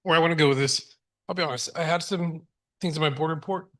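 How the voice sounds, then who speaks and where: A man's voice: fairly high pitch, quick pace, a bit bright. A middle-aged man speaking as a school board trustee, earnest and heartfelt, often restarting his sentences. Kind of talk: board meeting remarks.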